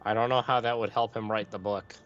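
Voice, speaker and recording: A man's voice: lowish voice, fairly even intonation, brisk, fairly bright tone, muffled recording, soft background music. A man playing a tabletop game, talking in an easygoing, agreeable way. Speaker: player. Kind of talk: casual tabletop role-play chat.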